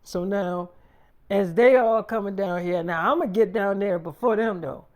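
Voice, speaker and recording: A man's voice: high-pitched, normal speed. A man telling a long story in a rambling, profane, casual way, repeating himself and quoting others as he goes.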